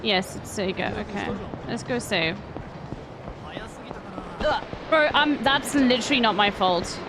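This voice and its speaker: A woman's voice: mid-range voice, lively intonation, a little slow, background noise. A young woman streamer chatting casually and swearing freely while she plays a video game. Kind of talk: casual gameplay commentary. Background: game music.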